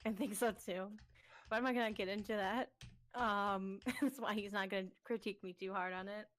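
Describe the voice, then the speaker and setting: Jeune femme bavarde qui glousse. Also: female voice, mid-range voice, steady tone, moderate pace, fairly bright tone. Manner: chatty, giggly, filler-heavy. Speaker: co-host. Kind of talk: casual chat.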